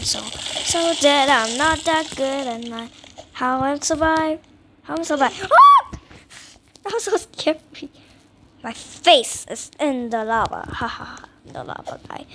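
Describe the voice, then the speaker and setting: A young woman gamer gives casual commentary while playing a video game, her voice high and excitable. She speaks slowly and drawn-out, repeats herself, and slips into whispers, with clear background noise in the recording.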